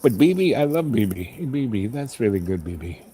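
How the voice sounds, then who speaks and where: A man's voice: fairly low pitch, expressive, fairly quick, mellow, husky. A man hosting his own show, talking in a loose, meandering monologue and often asking himself questions. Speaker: host. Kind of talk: rambling casual monologue.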